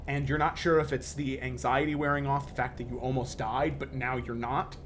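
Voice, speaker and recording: A man narrating a tabletop role-playing game as game master, with lively, stumbling storytelling full of fillers. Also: mid-range voice, fairly quick, a little hiss or hum.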